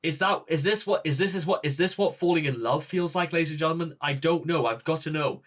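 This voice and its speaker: A man with a Northern English accent hosting a music reaction video, gushing and halting, with many restarts and rhetorical questions. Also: a little high, a bit bright. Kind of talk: excited reaction talk to camera.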